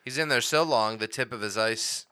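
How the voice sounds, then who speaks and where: A man's voice: mid-range voice, moderate pace, sharp tone, clean tone, no echo. A man co-hosting a podcast, recapping a cartoon episode in loose, joking chat. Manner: loose, joking, acts out lines in funny voices. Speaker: podcast co-host.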